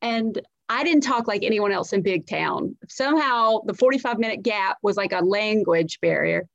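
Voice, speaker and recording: A woman's voice: medium pitch, expressive, normal speed, creaky, no echo, lo-fi sound. A woman from South Carolina with a light Southern accent tells stories as a comedian guest on a podcast. She talks casually, swears freely and uses lots of "like" and restarts.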